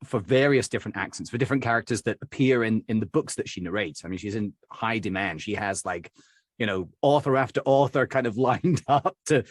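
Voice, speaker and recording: A man's voice: fairly low pitch, fairly quick, no room sound. Middle-aged man, from Birmingham, England, rambling with fillers, dry close sound. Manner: rambling, with many fillers and restarts. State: recovering from covid. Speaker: dialect coach. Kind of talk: conversational interview answers.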